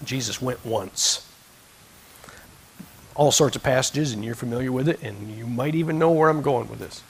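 A man preaching a sermon in a church, swinging between quiet conversational asides and impassioned, emphatic peaks. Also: mid-range voice, moderate pace, a little hiss or hum, low-quality recording. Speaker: pastor. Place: church sanctuary.

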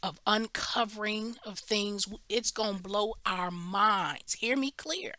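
Animated woman preacher, bright dry voice. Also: mid-range voice, takes it slowly, dry recording. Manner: animated storytelling, acts out quoted voices; emphatic with repeated restarts. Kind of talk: Bible study teaching.

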